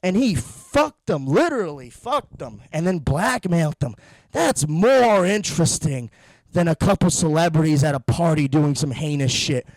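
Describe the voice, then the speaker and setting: A man's voice: fairly high pitch, expressive, moderate pace, a little mellow, no room sound. A young man ranting through a profane, sarcastic comedy monologue, a little out of breath from pacing. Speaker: podcast host.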